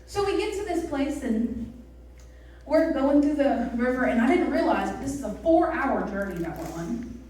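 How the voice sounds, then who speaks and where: A woman with a fairly high voice preaches a youth sermon in a church hall. She tells her story in a chatty, animated way and keeps asking the crowd questions. Her voice echoes heavily, as if picked up from a distance. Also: moderate pace, a little hiss or hum. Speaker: youth pastor. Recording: roomy echo, mic from a distance.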